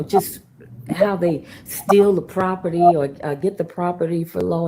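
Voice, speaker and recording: Gravelly low-voiced woman caller. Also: dark tone, slight background noise, rough recording. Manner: rambling, restarts often. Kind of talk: casual call-in chat.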